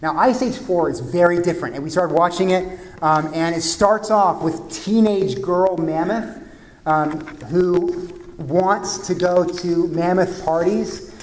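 A pastor preaches in a casual, conversational way, full of fillers and questions put to the listeners. His voice sits a little high for a man. The sound carries a long reverb, as in a large hall. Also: a little slow, a little hiss or hum. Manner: conversational, asks the congregation questions, many fillers. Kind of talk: sermon.

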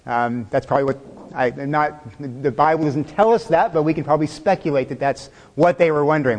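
A man's voice: on the high side, fairly quick, big-room sound. A male pastor preaching a sermon in a conversational way, asking the listeners questions and chuckling now and then.

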